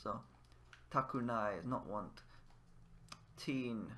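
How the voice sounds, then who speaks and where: A man giving a casual spoken language lesson while playing a game, patiently repeating each word slowly for the learner. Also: medium pitch, a bit bright. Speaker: language teacher in a game video.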